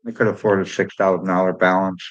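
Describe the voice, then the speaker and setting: A man's voice: low voice, level tone, quick pace, lo-fi sound. A man hosting a livestream in casual chat, greeting and answering viewers by name. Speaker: livestream host.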